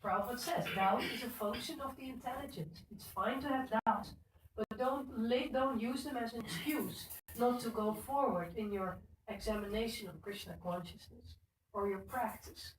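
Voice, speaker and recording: A woman's voice: on the high side, moderate pace. A middle-aged woman giving an informal devotional talk at a temple and speaking to listeners by name. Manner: conversational, addresses listeners by name. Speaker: speaker at a temple Sunday program. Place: temple hall. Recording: echoey room, speaker far from mic, faint noise.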